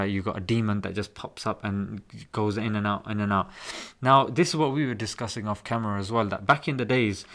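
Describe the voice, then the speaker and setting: A man hosting a casual discussion who talks in an animated, emphatic way and often says "bro". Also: fairly low pitch.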